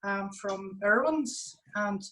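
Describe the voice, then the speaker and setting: A woman's voice: mid-range voice, takes it slowly, sharp tone, reverberant, low-quality recording. A Northern Irish woman chef, chatty and full of fillers, hosting a live cooking demonstration from her kitchen. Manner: chatty, lots of fillers and local words. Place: home kitchen.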